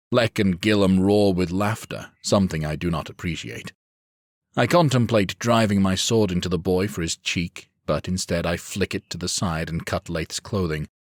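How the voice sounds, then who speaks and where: A man reading a first-person fantasy audiobook in a measured, steady storytelling manner. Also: deep voice, no echo, clean studio sound. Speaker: audiobook narrator.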